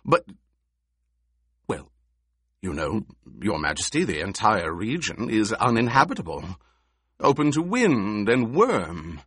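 A man's voice: on the low side, big pitch swings, slow pace, long pauses, a bit bright, slightly rough, dry recording, studio quality, full character voice. A man playing a fat old baron who protests in a flustered, deferential way, in an audiobook. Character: fat old baron, blustering yet fawning.

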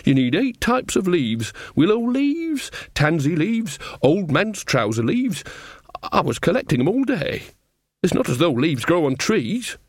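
Guy putting on a rambly old witch lady, folksy, squeaky highs, dry sound. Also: big pitch swings, measured pace, dry recording, exaggerated voice. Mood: rambling. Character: gossipy old witch woman, chatty.

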